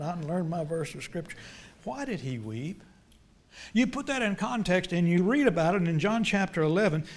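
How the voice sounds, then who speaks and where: Middle-aged male pastor with a high voice, preaching with passion and dropping to quiet asides. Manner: impassioned, swings between loud emphatic lines and quiet low ones. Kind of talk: sermon.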